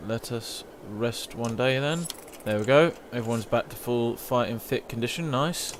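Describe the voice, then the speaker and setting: A man's voice: mid-range voice, moderate pace, a little hiss or hum. A young man chatting casually while streaming a video game, rambling and reading game text aloud. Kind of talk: casual live gameplay commentary.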